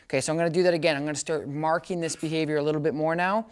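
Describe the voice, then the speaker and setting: A woman's voice: low-pitched, steady tone, very fast, clear, resonant tone. Chatty woman dog trainer. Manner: casual explainer, keeps checking "does that make sense?"; breaks into short upbeat praise commands to the dog. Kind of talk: hands-on training demonstration.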